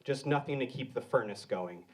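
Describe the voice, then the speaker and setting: A man doing deadpan absurdist stand-up on a live comedy stage, with slow, odd setups that build into a repeated call-and-response chant. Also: medium pitch.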